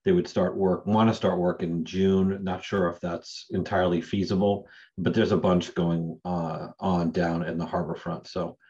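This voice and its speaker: A man giving a brief, halting update at a town committee meeting. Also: sits low, level tone, darkish tone. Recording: dull lo-fi meeting audio.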